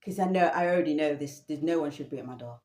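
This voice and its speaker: A woman telling a personal story in an animated, incredulous way, often laughing. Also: sits low, quick pace. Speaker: vlogger. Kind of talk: storytelling monologue. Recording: roomy echo.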